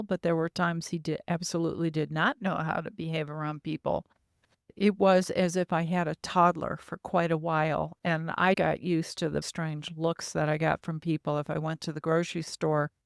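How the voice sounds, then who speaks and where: Earnest woman with a smooth voice. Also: on the low side, no echo, studio quality. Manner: earnest, vivid storytelling. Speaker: podcast guest. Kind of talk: recounting personal experiences.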